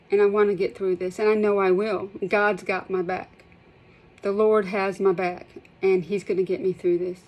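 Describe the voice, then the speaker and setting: A middle-aged woman with a drawl speaks straight to camera in an emotional vlog. She sounds impassioned and shaky, close to tears, and repeats and restarts her sentences. Her voice sits at an ordinary middle pitch. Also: darkish tone, poor audio. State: shaky, holding back tears. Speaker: healthcare provider sharing her withdrawal experience.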